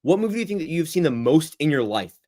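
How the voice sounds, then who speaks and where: A young man hosting a casual livestream Q&A, rambling and reacting to the chat in a lively, chatty way. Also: on the high side, fast talker. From United States. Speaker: livestream host.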